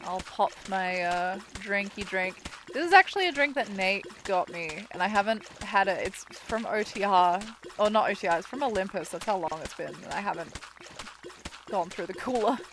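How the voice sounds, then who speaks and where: A worn-out woman streams a game and chats casually with viewers, sometimes cooing baby talk to her cat. Her medium-pitched voice has lively intonation, normal speed, and a fairly bright tone. There's slight background noise.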